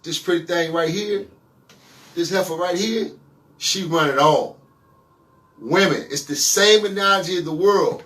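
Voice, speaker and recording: A man hosting a casual podcast with a Los Angeles accent, talking in an animated, profane way with hype interjections. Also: high voice, a little slow, pauses often, recorded from a distance. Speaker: podcast host.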